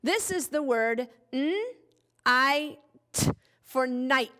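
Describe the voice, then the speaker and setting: A woman teacher giving a playful phonics lesson for young children, stretching out words and talking in an exaggerated, animated way. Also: fairly high pitch, measured pace.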